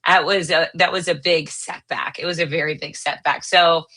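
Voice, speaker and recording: A woman guest in an interview who speaks in a pointed, forceful way and hammers her points home. Her voice sits a little low yet sounds bright and forceful. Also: steady tone, moderate pace. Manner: pointed, aggressive, emphatic. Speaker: fitness author and guest. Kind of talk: interview conversation.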